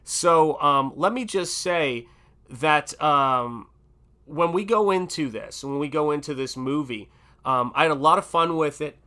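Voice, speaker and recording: A man's voice: a little high, unhurried, pushed and bright. A middle-aged man with a Southern American accent, hosting a livestream in a rambling, chatty way with many fillers. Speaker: livestream host. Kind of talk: casual livestream chat.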